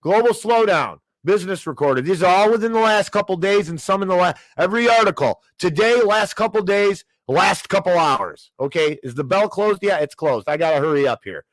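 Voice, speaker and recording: A man in a heated finance rant, voice sitting somewhat high. He stumbles over restarts and apologizes for getting worked up, recorded close and dry. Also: animated, a little fast, hardly any pauses, dry recording. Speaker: podcast host. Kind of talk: ranting finance commentary.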